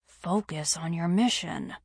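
Undercover man, voiced by a woman narrator, terse, dry, reserved, low-ish voice. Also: wildly swooping pitch, measured pace, vocal fry, slightly rough, no echo, exaggerated voice. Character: reserved undercover male agent.

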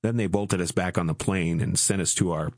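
A man's voice: deep voice, fairly even intonation, a little fast, darkish tone, dry recording, clean studio sound. A man voicing a wry, swaggering young army soldier in an audiobook, coarse and joking. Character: brash, crude young male army soldier. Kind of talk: audiobook character voice.

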